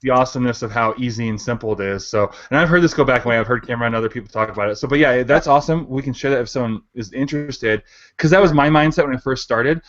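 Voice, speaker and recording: A man hosts a casual panel over a video call, rushing along and filling his sentences with likes and ums. The sound is dull and lo-fi, like a compressed online call. He talks from home in the mountains. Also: medium pitch, a bit bright. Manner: rambling, filler-heavy, laughs often. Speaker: host.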